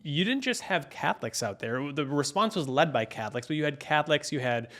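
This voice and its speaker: Guy with a higher voice on a podcast, earnest, reads quotes out. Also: lively intonation, a little fast, fairly bright tone. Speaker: podcast co-host. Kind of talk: casual podcast chat.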